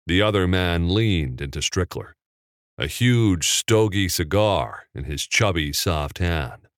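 Deep, slow-paced male narrator. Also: animated, dry recording, studio quality. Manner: measured, unhurried storytelling. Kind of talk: audiobook narration.

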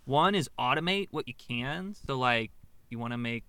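Bright, crisp-voiced man hosting a podcast. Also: medium pitch, no room sound. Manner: joking, animated, quick asides. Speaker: podcast co-host. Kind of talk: casual podcast chat.

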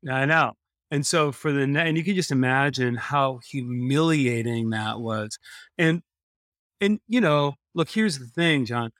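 A man's voice: mid-range voice, a little slow, a bit bright, dry recording. Earnest man telling his story, dry sound. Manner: earnest, repeats phrases for emphasis. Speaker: podcast guest. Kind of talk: personal storytelling in a conversation.

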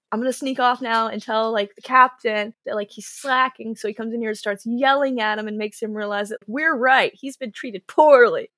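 A fairly high-voiced woman recounts tabletop game stories in an animated, chatty way. She acts out her players' lines as she goes. The sound is dry and close. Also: dry recording. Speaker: game master. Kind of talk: casual podcast storytelling.

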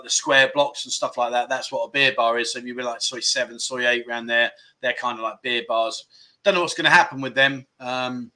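A man's voice: medium pitch, sharp tone. A middle-aged man hosting a casual livestream, chatting loosely, laughing often and reading out viewer comments. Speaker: livestream host.

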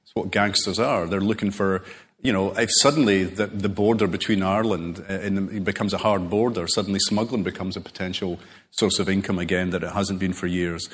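A man being interviewed as a novelist, telling rambling, animated stories full of self-corrections. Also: sits low, fairly quick, slightly rough. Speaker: novelist guest. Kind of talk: relaxed conversational interview.

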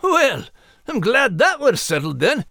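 A man voicing a prim, cheerful female animal who co-hosts a podcast, gently teasing in a genteel manner. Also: very high voice, huge pitch swings, measured pace, creaky, no echo, studio quality, pitched above the performer's own voice, exaggerated voice. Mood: gracious. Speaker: podcast co-host.

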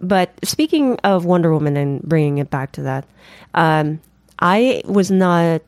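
A woman's voice: fairly low pitch, lively intonation, a little mellow, dry recording. A woman co-hosting a podcast, upbeat and leading the segments. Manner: upbeat, leads segments, quick reactions. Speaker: podcast co-host. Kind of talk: casual chat.

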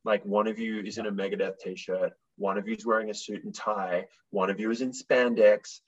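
An Australian guitarist and songwriter, fairly low-pitched and speaking at normal speed, chats casually as an interview guest. He is blunt, swears, and tells stories animatedly. The audio is dull.

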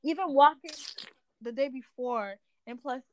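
A high-pitched young woman in casual podcast chat. She jumps in eagerly to add her side of the story and laughs along with her friend. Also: measured pace, dry recording, lo-fi sound. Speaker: podcast co-host.

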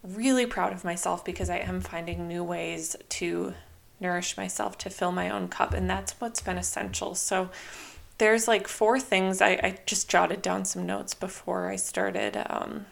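A young woman hosting her own podcast in a casual, chatty way, full of "like" and "you know", now and then quoting herself in lively voices. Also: fairly low pitch, a little slow, gravelly. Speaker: podcast host. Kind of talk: casual solo podcast talk.

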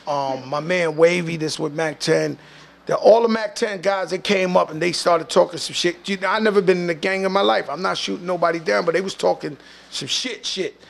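A man with a New York accent, a guest telling a long story in a casual, animated, slangy way. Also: high-pitched, a little fast, vocal fry, a little hiss or hum. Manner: animated, slangy, profane, acts out other people's voices.

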